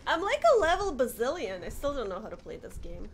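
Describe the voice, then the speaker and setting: Excitable woman streamer yelling at a game. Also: on the high side, a little fast, hardly any pauses. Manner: jumpy, shrieks and yells at the game, then apologizes; chatty, greets viewers by name. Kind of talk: casual live-stream game commentary. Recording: noisy home stream recording.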